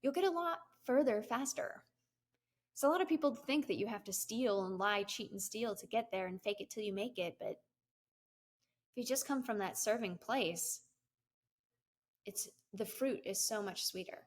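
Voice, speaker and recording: A woman's voice: mid-range voice, moderate pace. Woman, middle-aged interview guest; chatty, giggly storyteller, mid-range voice. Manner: giggly, laughs often, lots of fillers. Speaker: guest, business coach and CEO.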